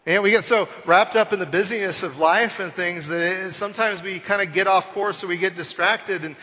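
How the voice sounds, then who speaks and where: A man in his thirties preaching a conversational Easter sermon, telling self-deprecating stories and swinging between loud and hushed. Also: high-pitched, fairly quick. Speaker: pastor. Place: church sanctuary. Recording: long church hall reverb.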